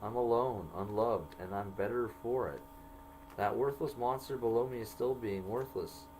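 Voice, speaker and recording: A man slowly reading entries from his own jail journal aloud, marking each quoted line by saying quote and end quote. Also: mid-range voice, a little mellow, a little hiss or hum, poor audio.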